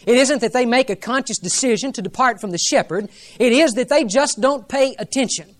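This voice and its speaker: A man's voice: extremely high pitch, brisk. A male pastor preaching a sermon in an earnest, reverent way, building to emphatic rises.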